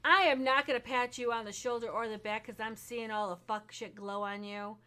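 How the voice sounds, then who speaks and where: A woman's voice: on the high side, steady tone, a little fast, bright, forceful tone, clean tone. A woman narrating as game master of a tabletop game, talking casually and swearing freely. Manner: casual and profane.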